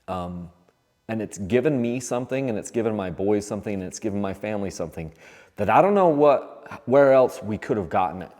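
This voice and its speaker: Man, forties, earnest and rambling workshop vlogger; low voice, reverberant shop with soft music. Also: expressive, fairly quick. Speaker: dirt bike channel host. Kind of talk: casual vlog while doing an oil change. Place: home workshop.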